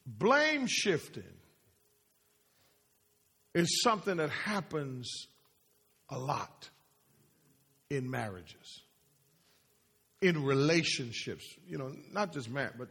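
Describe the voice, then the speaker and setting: A man preaching in a sermon, his voice high and a little husky. He throws questions to the congregation and repeats lines for emphasis, with a long reverb trailing behind him in the hall. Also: sing-song, slow, pauses often, a bit bright. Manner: call-and-response, questions to the congregation; repeats phrases, rising and falling emphasis.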